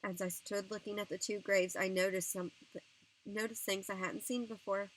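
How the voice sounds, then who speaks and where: A woman narrating a novel as an audiobook reader, in a gentle, earnest storytelling manner. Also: mid-range voice, flat delivery, normal speed, rough recording.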